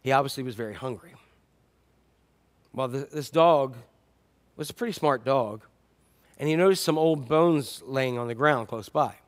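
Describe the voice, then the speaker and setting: A man's voice: medium pitch, moderate pace, pauses often. A male pastor telling stories in a sermon, acting out the animals in the tale. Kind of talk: sermon storytelling.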